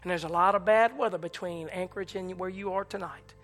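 A man preaching an impassioned sermon, swinging from shouts to hushed tones. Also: brisk. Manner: impassioned, rising to shouts and dropping low. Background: church organ chords.

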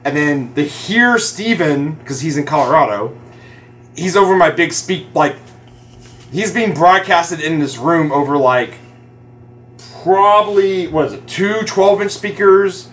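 A man's voice: on the high side, expressive, measured pace, fairly bright tone. Easygoing man hosting a podcast. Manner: easygoing, rambling, laughs often. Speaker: podcast host. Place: studio room. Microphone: boom mic.

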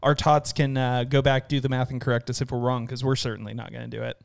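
A man's voice: medium pitch, flat delivery, fast talker, vocal fry. A man hosting a casual movie podcast, reading out facts with many hesitant fillers. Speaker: podcast host.

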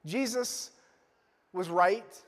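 High-voiced male pastor in a hall. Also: drawn-out words, fairly bright tone. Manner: playful storytelling, joking asides. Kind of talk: Father's Day sermon. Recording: long reverb of a large hall.

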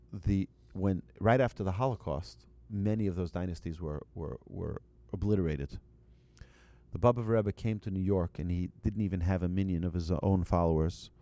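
A man giving a storytelling talk to an audience as a religious teacher, conversational and halting, with restarts and light asides to the listeners. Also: on the low side, mellow, no room sound.

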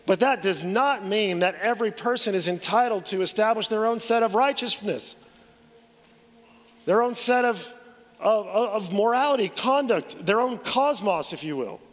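A man preaching a sermon as pastor, pressing forceful rhetorical questions and often repeating words as he builds a point. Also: high voice, normal speed, in a large hall.

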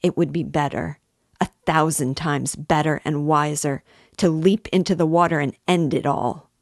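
Woman voicing a frenzied young man, intense, lecturing, low voice, dry. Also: fairly even intonation, moderate pace, creaky, no echo.

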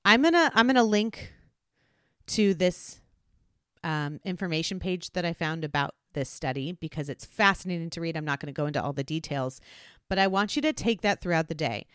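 Lively, expressive woman podcast host. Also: fairly low pitch, fairly quick, smooth, dry recording, clean studio sound. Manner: earnest, animated, acts out tones of voice. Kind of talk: solo podcast advice talk.

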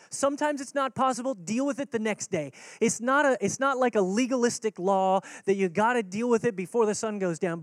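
A man's voice: high voice, no room sound, studio quality. A man preaching a sermon as pastor, earnest and conversational, repeating key words for emphasis.

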